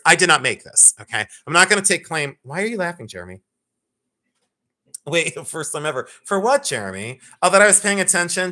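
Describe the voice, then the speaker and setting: Man, live-sale host, bright tone, playful teasing chatter, casual swearing. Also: a little high. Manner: animated, joking, teasing, swearing. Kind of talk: live-stream sales chat.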